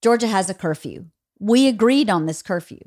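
A woman in her forties hosts a casual podcast chat, telling family stories in a lively way. Her pitch moves all over as she acts out what each person said, sitting at a middle height. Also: normal speed. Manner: animated storytelling, acts out family members. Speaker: podcast host.

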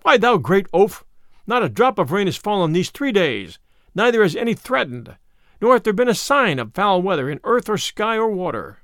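A man's voice: sits high, sing-song, moderate pace, fairly bright tone, no echo, studio quality, heavily acted. A man voicing a jolly, bold outlaw leader who teases his friend in old-fashioned speech. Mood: mocking.

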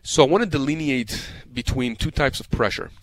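Man of mid pitch, a lawyer giving emphatic, heated advice with repeated words. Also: fairly quick, no echo. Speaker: personal injury lawyer as guest. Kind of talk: radio call-in advice talk.

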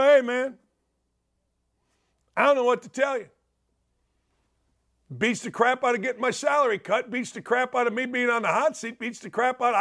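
A middle-aged male sports talk host with a notably high voice. He rants in a brash, combative, mocking tone. His pitch and loudness jump around as he goes. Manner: wide swings in pitch and loudness. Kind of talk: opinionated sports radio rant.

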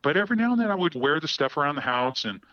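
A man giving a candid, halting account of personal events as a podcast guest, often repeating words as he goes. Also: on the high side, sing-song, dry recording, highs cut off. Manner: halting, repeats words while telling a story.

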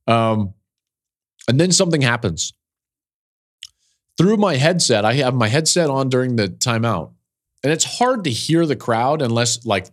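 A middle-aged man hosting a football podcast, telling an emotional story in an earnest way that builds in intensity. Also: mid-range voice. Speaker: college football analyst and podcast host.

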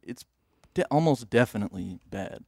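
Man, podcast co-host, rambling excitable storytelling, dry close mic. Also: lowish voice, moderate pace, creaky, dry recording. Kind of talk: casual podcast chat.

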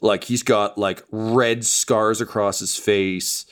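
Brief: male game master, lowish voice, halting, crude, lots of ums. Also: fairly even intonation, clean tone. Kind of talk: narrating a tabletop game.

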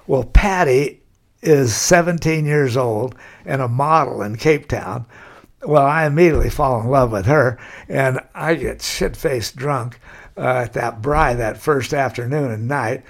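An older man with a gravelly, fry-edged voice recounts his adventures in a loose, rambling way. He leans on "kinda" and "you know" as he goes, and his pitch sits in an ordinary middle range. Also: unhurried. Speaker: interview guest. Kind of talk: storytelling.

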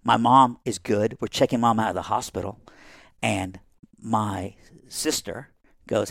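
A middle-aged man from Iran, a podcast guest, telling a family story in an animated way and acting out the people in it. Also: fairly low pitch, measured pace, gravelly, no room sound, studio quality.

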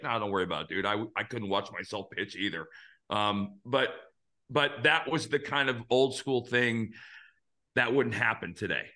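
A man in his fifties with a bright, forceful voice hosts a casual talk show. He tells his stories earnestly and with animation, with the odd curse thrown in. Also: medium pitch. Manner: earnest, animated storyteller who swears now and then. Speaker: podcast host. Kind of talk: casual storytelling chat.

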